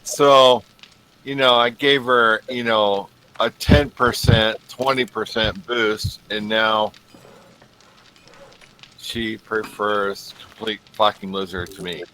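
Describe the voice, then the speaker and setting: A man with a lowish voice and a bright, forceful edge talks bluntly and with wry humour about himself, swearing freely. Faint noise hums underneath. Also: steady tone, takes it slowly, low-quality recording. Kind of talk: casual chat.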